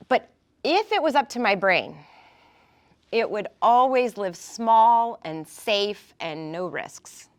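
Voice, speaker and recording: A woman's voice: medium pitch, slow. A woman speaking casually to a small group in a room, coaching them and often checking in with "right?". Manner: animated, warm coaching, frequent "right?". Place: indoor room with an audience.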